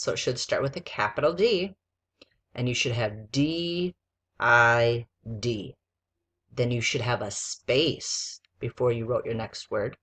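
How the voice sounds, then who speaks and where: Woman, teacher, very low voice, patient spelling dictation, letter by letter. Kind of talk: slow spelling dictation lesson for a child.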